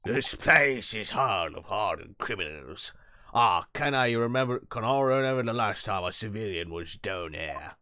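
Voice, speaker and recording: A man's voice: lowish voice, animated, normal speed, sharp tone, dry recording. A man voicing a hostile, burly, mustached prison governor with brusque, threatening, Scots-tinged speech, reading game dialogue on a stream. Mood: gruff.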